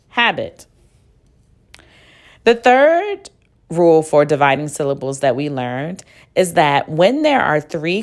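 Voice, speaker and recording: A woman with a deep, low-pitched voice leads a phonics lesson at a very slow pace. She sounds out each word patiently, splitting it into syllables and spelling it letter by letter. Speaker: teacher.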